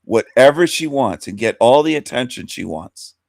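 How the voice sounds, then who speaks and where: A man holds forth as a talk radio host. He rambles, circles back on his own phrases and keeps firing rhetorical questions. His voice is mid-pitched and recorded dry and close. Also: lively intonation, moderate pace, creaky, no echo. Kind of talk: opinionated monologue commentary.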